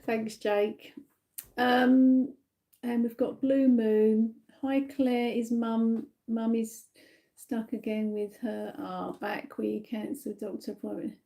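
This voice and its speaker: A woman from the UK giving a live-stream psychic reading, gentle and reassuring, with many fillers and tag questions, a little tired. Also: a little high, little pitch movement, slow pace. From United Kingdom. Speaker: psychic medium.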